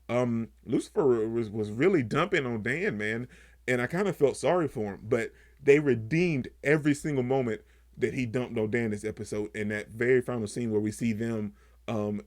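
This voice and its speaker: A young man talks through a TV episode in a relaxed, slangy way. His voice sits at an ordinary pitch, and he perks up when he replays the funny moments. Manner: loose conversational slang, animated when retelling scenes. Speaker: TV show reviewer. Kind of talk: casual video review.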